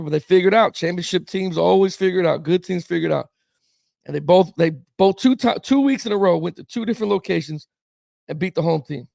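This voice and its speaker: A man's voice: high-pitched, gravelly, a little mellow, no echo, studio quality. A man hosting a casual sports talk show, rambling and reacting to viewer comments with chuckles, peppering his talk with "man" and "bro".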